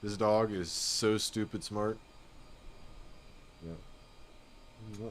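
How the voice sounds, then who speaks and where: A man's voice: fairly low pitch, fairly even intonation, drawn-out words, pauses often, slight background noise. A man chatting casually on a live flight sim stream, rambling and laid-back, often saying "dude" and "you know what I mean.".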